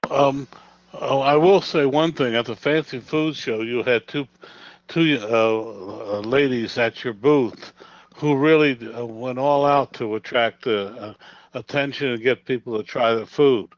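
Slow-talking older man hosting radio. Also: medium pitch, no echo. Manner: halting, lots of uh and um. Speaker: radio host. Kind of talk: casual radio interview. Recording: dry lo-fi sound.

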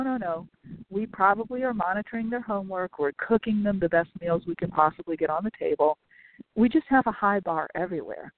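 A woman's voice: on the low side, dry recording. A woman hosting her own podcast, talking in a chatty, tongue-in-cheek way and stacking repeated words for emphasis. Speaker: podcast host and business coach. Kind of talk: solo podcast monologue. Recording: tinny phone-like sound, dry.

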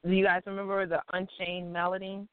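A woman's voice: medium pitch, flat delivery, fairly quick, smooth. A woman hosting a call-in talk show, chatting playfully and giggling often with many fillers, heard over a phone line. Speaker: radio talk show host. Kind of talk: casual call-in show chat. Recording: dry tinny phone line.

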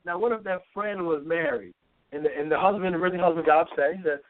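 A man co-hosting an advice radio show, agreeable and chiming in with quick asides. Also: high voice. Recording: tinny phone-like radio line.

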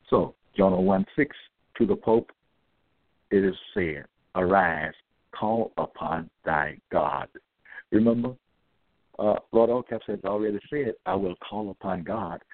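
Gravelly man preaching over tinny audio. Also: fairly low pitch, no echo. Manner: repetitive, emphatic, reads out verse references. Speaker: self-styled religious preacher. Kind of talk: scripture-quoting monologue. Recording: tinny phone-like dry audio.

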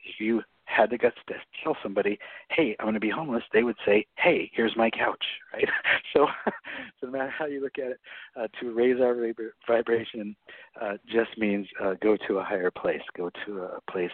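A low, husky man talks through a thin, phone-like radio line with a dry, close sound. He explains things in a chatty way, often tagging his points with a quick "right?". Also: fairly even intonation, no room sound. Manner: chatty, frequent "right?" tags and laughs. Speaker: guest author.

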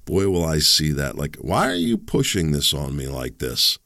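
A man's voice: very deep voice, wildly swooping pitch, normal speed, gravelly, bright, forceful tone, dry recording, studio quality. A man in his fifties hosting a political talk show, speaking in a heated, rambling, sarcastic monologue. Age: 50s. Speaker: podcast host.

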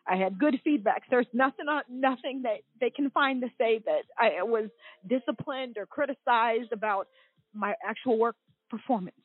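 A woman in her forties, a guest telling her own story over the phone, earnest and halting, often restarting her sentences. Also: on the high side, husky, no room sound. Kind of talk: recounting a personal story on a call-in show. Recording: thin phone-line audio, dry.

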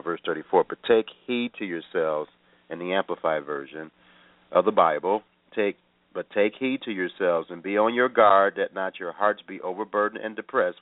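A man's voice: low-pitched, dry recording. A man hosting a radio Bible teaching program, talking earnestly and repeating himself with fillers. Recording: tinny phone-line sound.

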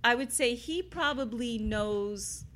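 A woman's voice: a little high, expressive, slow pace, fairly bright tone, slight background noise. A woman from New City, a bar owner, chatting in a casual interview and telling rambling stories full of "you know" and "like". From New York City. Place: inside an old bar.

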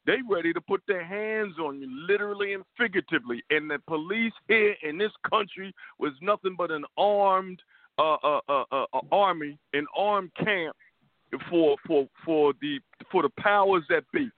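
A man's voice: high voice, normal speed, no echo. A man co-hosting a talk radio show, heated and profane, repeating words as he goes. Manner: stammering repetitions, heated and profane. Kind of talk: casual political talk radio. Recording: tinny phone line.

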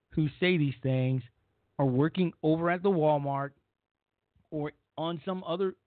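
A man hosts a talk radio show in a blunt, rambling monologue, circling back over his points. His voice sits a touch high for a man. The sound is dry and squeezed into a narrow, phone-like band. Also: dry recording. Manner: blunt, rambling, repeats himself.

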